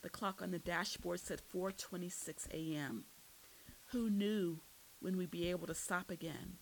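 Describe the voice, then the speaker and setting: A woman reads a first-person thriller aloud, her voice sitting low. She leans into the drama and lifts sharply when the action peaks. A faint hiss runs under the recording. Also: fairly even intonation, measured pace, creaky, low-quality recording. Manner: dramatic, rises sharply for shouted lines. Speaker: audiobook narrator. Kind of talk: first-person story reading.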